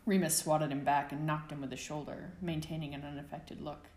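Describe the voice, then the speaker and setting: Casting: woman narrator, deep voice, echoey room, steady audiobook read. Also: fairly quick. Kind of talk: fan fiction reading.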